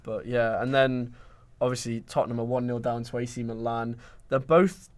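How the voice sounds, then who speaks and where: A young man co-hosts a relaxed football podcast and steers the chat from one match to the next. His delivery is chatty and confident, with a mid-range voice. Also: medium pitch, moderate pace. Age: young adult. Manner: leads the running order, chatty and confident. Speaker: podcast co-host.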